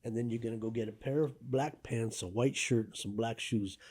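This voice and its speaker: A man voicing a huge, stern older male shopkeeper who gives cold, commanding orders in a low, quiet voice. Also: fairly even intonation, moderate pace, breathy edge, lightly acted.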